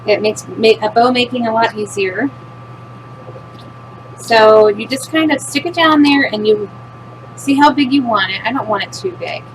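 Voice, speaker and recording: A middle-aged woman talks through a home craft project in a slightly high, chatty voice, joking about herself as she works. A furnace hums clearly behind her in this noisy home recording. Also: normal speed, pauses often. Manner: chatty, self-deprecating, talks while working. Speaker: craft demonstrator. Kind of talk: casual craft demo chat.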